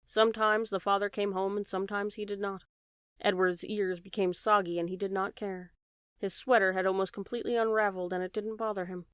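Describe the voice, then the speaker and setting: Woman audiobook reader, storybook narration, smooth clear voice, close dry mic. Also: medium pitch, fairly quick, no room sound. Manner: steady, gentle reading with shifting voices.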